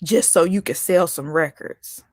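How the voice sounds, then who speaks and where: A woman hosting her own chat vlog, ranting casually in an animated, sassy way with lots of laughter. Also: lowish voice, unhurried, no echo, clean studio sound. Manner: animated and sassy, laughing, calling out with "honey" and "baby". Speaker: vlogger host. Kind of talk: casual opinion rant.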